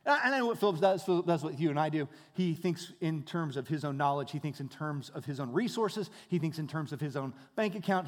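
A man preaching a sermon as a pastor, talking conversationally, asking rhetorical questions and repeating his phrases. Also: on the high side. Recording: reverberant hall.

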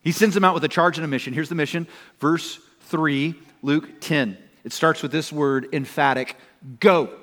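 Middle-aged pastor guy preaching loud and urgent, bit high voice, church echo all around. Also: fairly even intonation, normal speed. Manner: emphatic, repeats words, builds to loud urgent preaching. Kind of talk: sermon. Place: church sanctuary. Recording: long hall reverb.

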